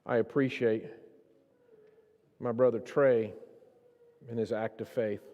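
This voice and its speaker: A man preaching a sermon in a church, his delivery swinging between hushed, slow stretches and raised, impassioned ones. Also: medium pitch, steady tone, muffled recording. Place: church sanctuary. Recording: long reverb of a church hall.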